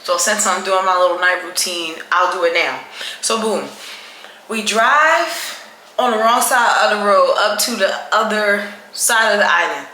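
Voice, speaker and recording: Chatty woman vlogger, bright echoey sound. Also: medium pitch, unhurried. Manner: animated, chatty, with dramatic retelling. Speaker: travel vlogger. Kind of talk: casual storytelling to camera. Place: indoors at night during her night routine. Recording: echoey room with faint background noise.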